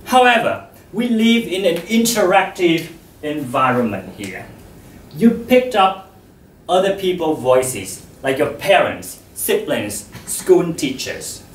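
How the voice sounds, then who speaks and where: Man giving a talk, slow and measured, lively pitch, echoey hall, distant mic. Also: slight background noise. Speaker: speaker on voice. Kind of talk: public talk to an audience.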